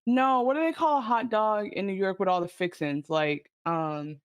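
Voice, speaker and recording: A woman's voice: medium pitch, normal speed, clean tone, no room sound. A woman co-hosting a casual podcast, discussing a TV episode in a chatty, thinking-aloud way. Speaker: podcast co-host. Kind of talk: casual TV recap chat.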